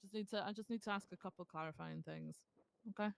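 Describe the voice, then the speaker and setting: A woman's voice: mid-range voice, fast talker, vocal fry, a little hiss or hum. A woman playing a police officer in a role-play, talking in a reassuring way and often repeating herself. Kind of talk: casual role-play chat.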